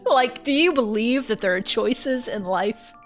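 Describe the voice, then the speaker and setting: A woman's voice: fairly high pitch, animated, slow, faint music behind. A woman streamer chatting casually and rambling, giggling often and swearing freely while playing a game.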